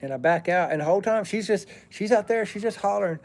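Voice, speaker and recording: A middle-aged man with a fairly high voice spins a rambling, casual story outdoors by a fire. He drifts off track to say hello to viewers and then picks the thread back up. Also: lively intonation, quick pace, darkish tone. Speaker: plumber telling stories on a live stream.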